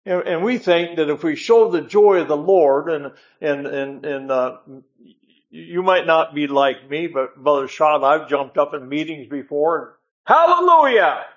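A man's voice: fairly high pitch, fairly even intonation, a little slow, muffled recording. Man preaching a folksy sermon, "amen" often. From northern United States. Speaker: guest preacher. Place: church.

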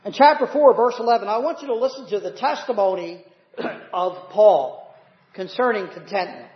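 A man's voice: sits high, expressive, moderate pace. A male pastor preaching a sermon, often asking the congregation "Amen?". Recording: roomy, dull church recording.

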